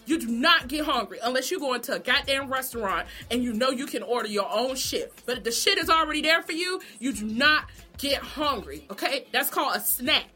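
A woman's voice: high voice, lively intonation, a little fast, few pauses, bright, forceful tone, faint music behind. A woman giving a heated, profane rant about a reality show. She swings between mock shock and indignation. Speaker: vlogger.

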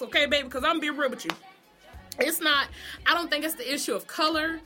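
A woman's voice: high-pitched, quick pace, pushed and bright, faint music behind. A woman vlogger giving a blunt, profane, sassy opinion monologue about a TV show, laughing often.

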